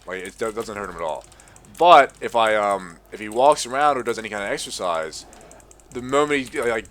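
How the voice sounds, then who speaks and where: Young aussie dude ranting n swearing, kinda low voice. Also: male voice, a bit bright. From Australia. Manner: profane, ranting, exasperated. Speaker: gaming commentator. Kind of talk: casual rant over gameplay.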